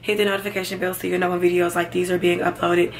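A woman's voice: fairly low pitch, little pitch movement, fast talker, a little hiss or hum. A young woman chatting casually to her viewers in a vlog, calling them y'all. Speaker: vlogger.

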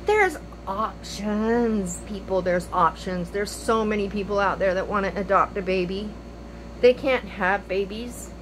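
A woman's voice: mid-range voice, unhurried, a little hiss or hum, rough recording. An older woman and grandmother talking straight to her viewers in an emotional, pleading opinion monologue, repeating her phrases. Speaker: vlogger.

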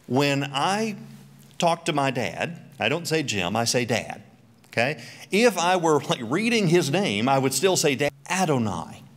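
A man's voice: mid-range voice, very animated, unhurried. A middle-aged man giving a church Bible teaching talk, full of joking, self-mocking asides.

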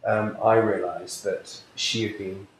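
A man's voice: fairly low pitch, steady tone, slow. A man, a psychic healer, telling a personal story in an earnest, reflective way during an interview. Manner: earnest, reflective, acts out quoted voices. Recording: echoey room, faint noise.

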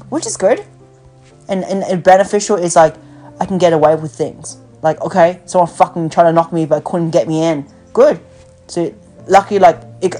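A woman's voice: low voice, a little mellow. A woman hosting a podcast, ranting bluntly in casual chat with lots of swearing and fillers. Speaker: podcast host. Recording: phone call with faint music.

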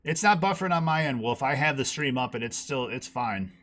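Animated man telling a story. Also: fairly quick. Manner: animated, acts out quotes with big pitch jumps. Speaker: podcast guest. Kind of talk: casual storytelling.

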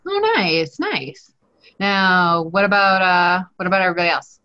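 Woman, lowish voice, playful chatty instructor, muffled call audio. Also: expressive, normal speed, pushed and bright, clean tone. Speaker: culinary instructor. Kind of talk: live online class. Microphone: video call.

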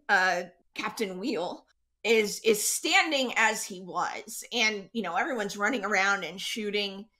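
Slow bright-voiced woman game master. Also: mid-range voice. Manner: unhurried, hesitant with many fillers. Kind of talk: narrating a tabletop game.

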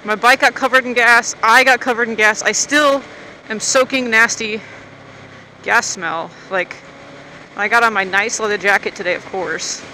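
Bright-voiced rambling motorcycle vlogger woman. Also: on the high side, fairly even intonation, moderate pace, slight background noise, poor audio. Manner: chatty, rambling, grumbling. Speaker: motovlogger. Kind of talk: unscripted rambling vlog. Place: outdoors at a gas station.

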